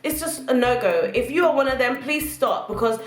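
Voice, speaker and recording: A woman's voice: high-pitched, moderate pace. Sassy young woman in an echoey room. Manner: sassy, animated, acts out customers and managers. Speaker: vlogger. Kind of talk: casual storytelling rant to camera. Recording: echoey room with faint music.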